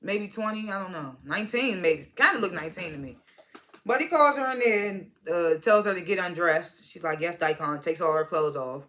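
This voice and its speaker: Bright-voiced casual episode recapper. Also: mid-range voice, expressive, moderate pace, a little hiss or hum. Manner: retells scenes with "he was like" quotes, swears casually; chuckles through the retelling. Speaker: TV episode reviewer.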